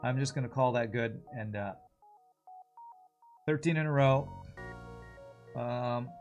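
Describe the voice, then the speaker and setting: A man's voice: mid-range voice, slow, highs cut off, soft background music. A man streaming a video game, chatting casually while he plays, swearing and laughing as he goes. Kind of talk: live gameplay commentary.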